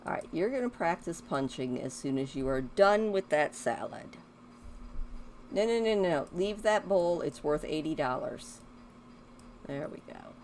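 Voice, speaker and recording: A woman's voice: low voice, expressive, a little slow, a little mellow, slight background noise. A woman giving casual commentary while she plays a life-sim game, chatting to her characters and rambling about music. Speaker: gaming video host.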